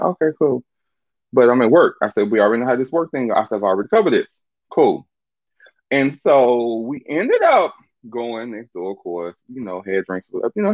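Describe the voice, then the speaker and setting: A man telling a long casual story. He is animated and profane, uses a lot of slang, and laughs often. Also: mid-range voice, no room sound. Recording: dull, muffled dry recording.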